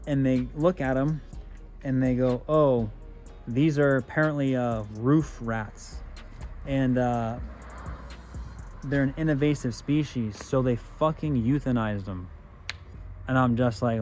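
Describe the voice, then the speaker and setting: A man's voice: medium pitch, unhurried, a little mellow, soft background music. A man vlogging about his car, telling a rambling, casual story full of swearing and filler phrases.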